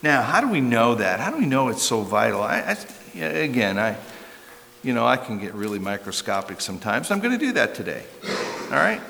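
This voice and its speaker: An older man preaches in a bright, forceful voice that sits a bit high for a man. He talks to the congregation conversationally, leaning on emphasis and rhetorical questions. His voice rings out with a long reverb, as in a large sanctuary. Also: creaky. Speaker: pastor. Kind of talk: sermon.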